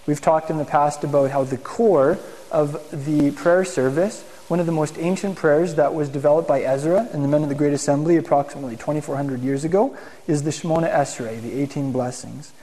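Guy giving a chatty sermon, high-ish warm voice, keeps asking the room stuff, long echo. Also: steady tone, brisk. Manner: conversational, asks the room questions. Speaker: congregation teacher. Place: meeting room with congregation. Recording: long hall reverb.

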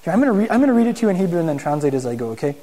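A man with a high voice gives a conversational sermon to a congregation, lively and informal, often asking his listeners questions. His voice rings through a room with a long reverb. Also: rapid-fire. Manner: casual and animated, asks the room questions. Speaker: teacher in a Messianic congregation.

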